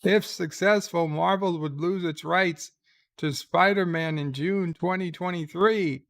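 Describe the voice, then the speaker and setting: A man with a higher voice hosts a casual live stream from his bed, reading chat aloud. He drawls through it with lots of pauses and fillers, a gravelly rasp under his voice, and makes wry, offhand asides. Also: steady tone, fairly bright tone. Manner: slow, halting, with many pauses and fillers; wry and irreverent. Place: lying in a bed.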